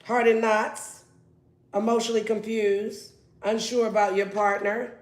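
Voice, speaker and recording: A woman's voice: on the high side, flat delivery, unhurried. A woman giving a casual tarot reading in a brash, playful and profane way. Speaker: tarot reader. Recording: roomy echo.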